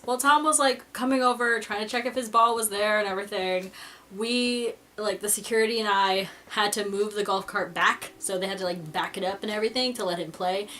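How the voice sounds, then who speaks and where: A woman telling a story-time vlog in an excitable, giggly way. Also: medium pitch. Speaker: vlogger.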